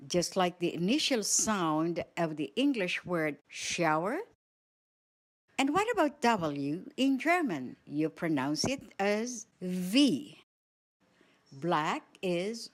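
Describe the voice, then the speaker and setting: Woman, radio language teacher, very slow, singsong pitch, slightly husky, faint guitar music behind. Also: sing-song. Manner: slow, deliberate, repeats each word clearly.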